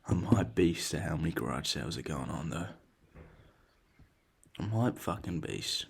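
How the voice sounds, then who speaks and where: A young man hosting his own podcast in loose solo chat, excitable and profane, jumping between loud outbursts and hushed whispers. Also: very deep voice, a little slow, gravelly, husky. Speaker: podcast host.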